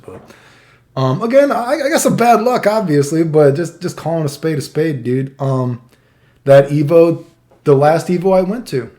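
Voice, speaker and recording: Casting note: middle-aged man, profane, animated, fairly high voice, rambling stream-style storyteller. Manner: profane, animated, acts out quotes with laughs. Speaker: streamer telling fighting game stories. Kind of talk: casual storytelling monologue.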